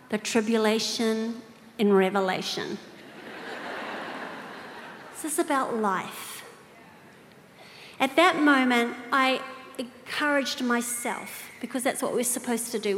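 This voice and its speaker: A woman preaching to a women's gathering, telling a personal story with animated asides and direct questions to the audience. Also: fairly high pitch, slight background noise. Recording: reverberant hall with faint ambience.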